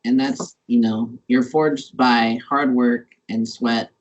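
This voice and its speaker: A man from Montana hosting a podcast, talking casually and haltingly as he searches for words. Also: mid-range voice, fairly even intonation, muffled recording, slight background noise. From Montana, USA. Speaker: podcast host. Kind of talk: casual interview conversation.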